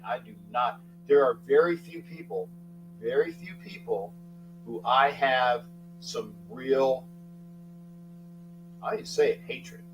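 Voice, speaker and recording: A medium-pitched older man hosts a live sports talk stream in lo-fi sound, rambling through casual chat. He names viewers as he greets them and restarts himself often. The mic sits at a distance and picks up a faint hum from the mains.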